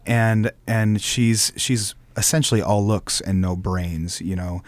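A man's voice: fairly low pitch, steady tone, takes it slowly, no echo. A man, a stage actor, chatting casually in an interview, rambling with many restarts.

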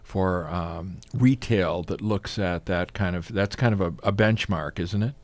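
A man with a somewhat low voice hosts a radio interview. He asks conversational, leading questions and sometimes pauses to find his words.

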